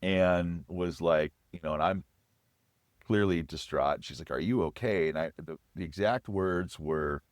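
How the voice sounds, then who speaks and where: A man's voice: low voice, steady tone, a little slow, dry recording, clean studio sound. A man in his forties sharing his recovery and faith story as an interview guest, earnest and reflective. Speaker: guest, chef. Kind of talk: personal testimony in an interview.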